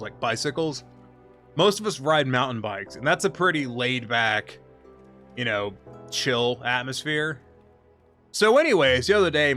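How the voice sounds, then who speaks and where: A young adult man streaming from a home setup, chatting casually and telling stories with lots of swearing and sudden excited bursts, with faint music behind him. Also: medium pitch. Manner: profane, animated storytelling with bursts of excitement. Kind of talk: casual gaming stream chat.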